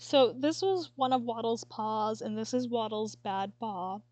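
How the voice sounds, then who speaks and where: A woman streamer chatting casually and haltingly, sometimes tearful and apologizing. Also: on the high side, a little mellow, dry recording. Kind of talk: casual chat while showing a sketchbook.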